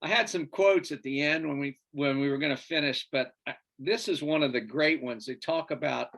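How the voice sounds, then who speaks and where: A man's voice: a little high, moderate pace, gravelly, fairly bright tone. A man co-hosting a casual sports chat show, rambling through stories and searching for names with fillers. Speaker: podcast co-host.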